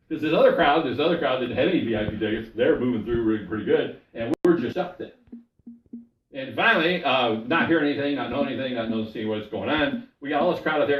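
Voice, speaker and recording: A man's voice: on the high side, reverberant, distant mic, slight background noise, poor audio. A male pastor delivering a sermon, telling a story and putting questions to the congregation.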